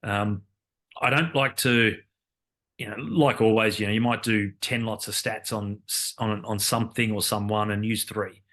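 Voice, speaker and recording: Low-voiced man chatting. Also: steady tone, moderate pace, a bit bright. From Australia. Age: 50s. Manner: rambling, with many fillers and repeated starts. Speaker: guest, Olympic cyclist and commentator. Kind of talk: casual interview conversation.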